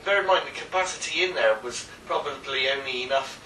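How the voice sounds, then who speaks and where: A man's voice: mid-range voice, fairly quick, bright, forceful tone, slight background noise. A man from England, co-hosting a casual chat, telling a story hesitantly with ums and restarts. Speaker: co-host. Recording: roomy echo, mic at a distance.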